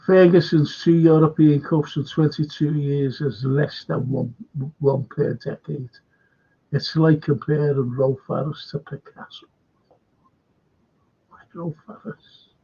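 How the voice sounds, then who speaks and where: Raspy older Liverpool man, rambling. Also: a little high, fairly even intonation, takes it slowly, mellow. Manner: rambling anecdotes, sweary. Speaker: podcast host. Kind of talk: casual chat. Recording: dull lo-fi recording.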